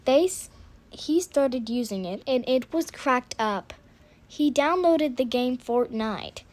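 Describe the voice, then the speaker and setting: Woman making up a story as she goes, slow, stops n restarts a lot, kinda high. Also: expressive, a little hiss or hum. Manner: halting, with restarts and self-corrections. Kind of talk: improvised story narration.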